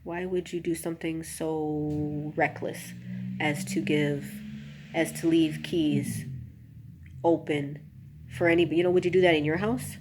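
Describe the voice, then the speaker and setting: A woman with a lowish voice tells her own story in a confessional vlog, speaking straight to her viewers with many asides. She gets emotional as she talks. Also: fairly even intonation, measured pace, noisy background. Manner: emotional, rising to an anguished near-shout, then subdued. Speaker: vlogger.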